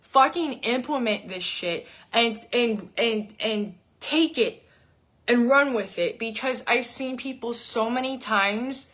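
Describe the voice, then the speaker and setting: A woman's voice: on the high side, slow, fairly bright tone. Profane, emphatic woman fitness coach. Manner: profane, emphatic, repeats words for stress. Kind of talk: blunt unscripted rant to camera.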